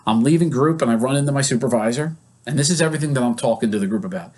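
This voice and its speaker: A man's voice: mid-range voice, very fast, a little mellow. A male psychologist who leads therapy groups, teaching casually and acting out example scenes in quoted voices. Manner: conversational, with many fillers.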